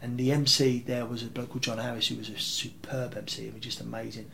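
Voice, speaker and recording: A man, telling rambling, animated anecdotes as an interview guest. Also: medium pitch, quick pace, creaky, a little hiss or hum. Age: 30s. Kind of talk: casual interview storytelling.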